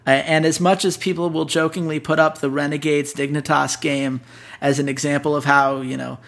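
Gravelly-voiced man talking esports analysis. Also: on the high side, level tone, fairly bright tone. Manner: brisk, questioning, emphatic. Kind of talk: casual analysis chat.

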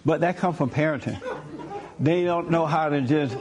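A man's voice: fairly high pitch, normal speed, darkish tone. Blunt man lecturing and pressing questions. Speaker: interviewer. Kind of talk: probing conversational interview.

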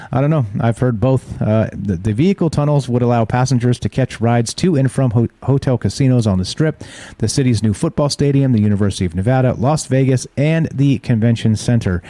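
A man's voice: on the low side, warm tone, no echo. A man hosting a casual live stream, reading news headlines aloud and adding offhand asides. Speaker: show host.

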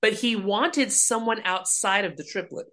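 Animated woman minister telling stories. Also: medium pitch, normal speed. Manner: animated, acts out quoted voices. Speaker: ordained minister, guest. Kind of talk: faith interview, storytelling.

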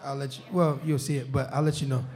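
A man's voice: mid-range voice, flat delivery, quick pace, a little mellow. A young man, a football player guest on a live show in a restaurant, telling stories in a loose, laughing way and often saying "you know what I'm saying.". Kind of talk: casual live-show chat.

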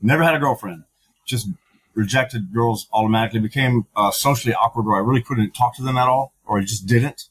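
Husky middle-aged man, frank and halting. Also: mid-range voice, a bit bright, rough recording. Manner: frank and profane, halting with many fillers. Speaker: podcast guest, veteran. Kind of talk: candid conversational storytelling.

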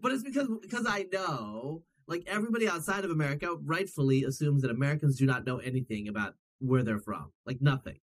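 A man chatting as a podcast guest, telling stories in an animated, rambling way. He fills gaps with "um" and "like" and restarts sentences often. His voice sits at an ordinary middle pitch. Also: quick pace, hardly any pauses, rough recording. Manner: rambling, lots of fillers and restarts; animated storyteller. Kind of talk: casual chat.

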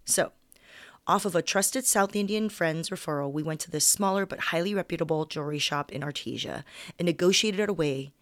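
Young woman comedian, lowish voice, dry close sound; reads her own story candidly, unedited, in one take. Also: fairly quick, fairly bright tone, no echo. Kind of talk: reading a personal story aloud.

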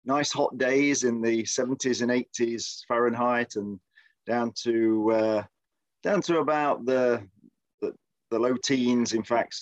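A man's voice: medium pitch, slow, no room sound. A man with an English Midlands accent co-hosting a podcast, chatting casually with lots of fillers and restarts. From Midlands, England. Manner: hesitant, many fillers and restarts. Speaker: podcast co-host. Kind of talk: casual chat. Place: lives in Texas.

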